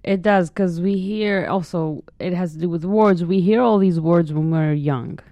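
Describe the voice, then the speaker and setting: A woman guest in a casual conversation, telling lively stories and acting out the voices she quotes. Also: on the low side, moderate pace, no room sound, lo-fi sound. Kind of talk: casual chat.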